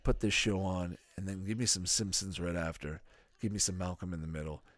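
A man hosts a podcast reviewing a sitcom, chatting casually and rambling with frequent swearing, profane and animated throughout. His voice sits low and moves a little fast, with no room sound.

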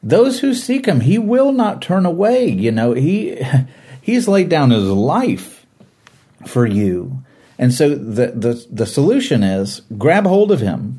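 Earnest guy talking bible stuff, dark husky voice. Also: medium pitch. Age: adult, former teacher. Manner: earnest, acts out quoted voices, laughs easily. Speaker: Bible discussion co-host. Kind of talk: conversational Bible teaching.

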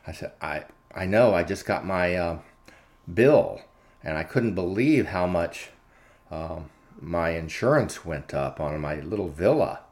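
A man's voice: deep voice, animated, unhurried, a little mellow. A man hosting his own channel, telling a story in a chatty, unscripted monologue full of fillers and "I said" retellings. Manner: chatty, frequent filler words, retells dialogue with "I said". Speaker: commentary channel host.

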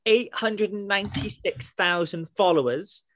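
A man's voice: sits high, unhurried, background noise. A man hosting a podcast interview, chatty and enthusiastic, with lots of fillers and restarts. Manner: rambling, filler-heavy, enthusiastic. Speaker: podcast host.

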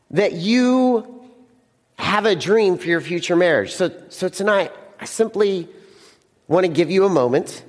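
A man's voice: sits high, breathy edge, big-room sound. A young man preaching a casual sermon to teenagers as a youth pastor, often repeating words and acting out the scene.

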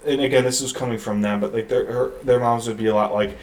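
A man in his thirties from Detroit, a podcast guest chatting casually with many halting restarts. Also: medium pitch, steady tone, darkish tone, recorded from a distance. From Detroit, USA. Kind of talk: casual chat. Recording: off-mic with faint background noise.

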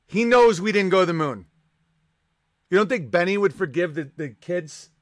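A man's voice: high-pitched, lively intonation, moderate pace, no echo, studio quality. A man hosting a live stream, reading out chat messages and ranting in a profane, sarcastic and combative way.

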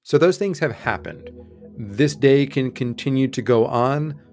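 A man's voice: mid-range voice, a little slow, darkish tone, soft background music. A man narrating as game master of a tabletop game, explaining rules patiently and steering the scene.

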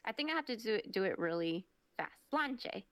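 A woman's voice: medium pitch, expressive, fast. A young woman co-hosting a podcast, chatting playfully and reading out her research. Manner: giggly, playful, reads research notes. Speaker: podcast co-host. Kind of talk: casual chat and storytelling.

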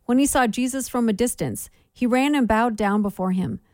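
A woman giving a measured Bible reading for a daily reading plan, with clear, steady delivery. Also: a little high, dry recording, studio quality. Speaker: scripture reader.

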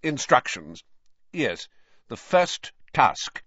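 A man's voice: medium pitch, very animated, a bit bright, no room sound, pitched above the performer's own voice, full character voice. Brief: man as a weary formal ministry official, dry close sound. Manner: stiff, formal, deliberate. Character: weary formal older male official, ill-looking. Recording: dull, slightly lo-fi.

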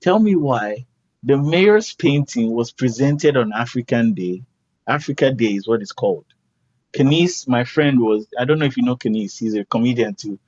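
A man's voice: medium pitch, moderate pace. A man, a guest artist, telling a story casually and acting out the people in it. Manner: animated, acts out quoted voices. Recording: dull lo-fi recording.

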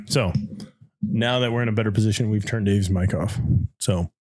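A man's voice: lowish voice, normal speed, darkish tone. Dry-humored man in casual chat. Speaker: podcast co-host.

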